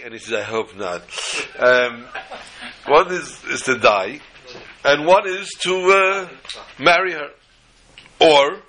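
A man's voice: medium pitch, sharp tone, slight background noise, rough recording. An older man teaching a Torah class, mixing teaching with jokes and storytelling asides.

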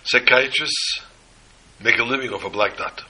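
A man preaching a sermon, telling a story with lively emphasis. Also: mid-range voice, moderate pace, husky, rough recording. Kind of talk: sermon with a told joke.

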